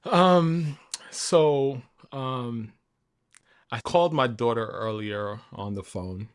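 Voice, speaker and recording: A man's voice: medium pitch, takes it slowly, smooth. A man in his thirties co-hosting a podcast, trading jokes in casual chat and breaking into laughing fits. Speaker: podcast co-host. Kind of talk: casual joke-telling chat.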